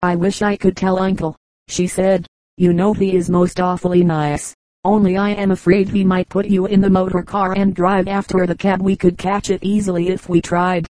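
A woman's voice: on the low side, level tone, moderate pace, darkish tone, dry recording, close to an everyday voice, low-quality recording. A woman reading the lines of a polite, eager young girl who speaks in an earnest, well-spoken way.

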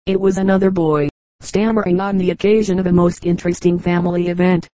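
A woman reading a collection of short jokes aloud as a steady, unhurried audiobook narration. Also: lowish voice, no room sound, rough recording. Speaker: audiobook reader.

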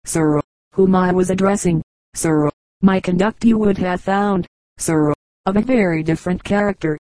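A puffed-up gentleman suitor of an old storybook, gushing and stiffly formal, read by a woman narrator. His voice is mellow and recorded dry and close. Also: fairly low pitch, moderate pace, dry recording, lightly acted. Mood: indignant. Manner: effusive, overly formal. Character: pompous vain gentleman suitor, man.

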